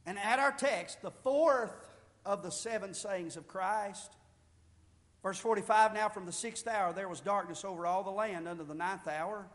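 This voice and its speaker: A man preaching a sermon with fervor, rising to loud shouted peaks and then dropping low and quiet. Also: moderate pace. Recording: long reverb of a large hall.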